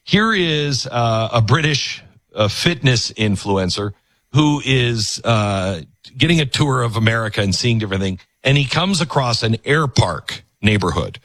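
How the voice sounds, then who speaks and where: Husky, animated male talk host. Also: mid-range voice, measured pace, no echo. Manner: impassioned, preachy, animated. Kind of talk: talk show monologue.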